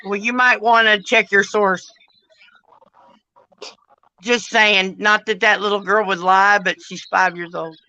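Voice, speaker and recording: Woman host in her fifties, bright forceful tone, rambling blunt chat, dull lo-fi stream audio. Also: mid-range voice, steady tone, unhurried, pauses often. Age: 50s. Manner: rambling, blunt, swears casually. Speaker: livestream host. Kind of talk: casual chat.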